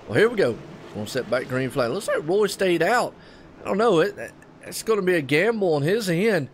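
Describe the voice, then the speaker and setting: A race commentator from North Carolina with a Southern US accent calls a live race in chatty, excitable play-by-play, repeatedly drifting into folksy asides to viewers. His voice is fairly high, with a little hiss or hum in the recording.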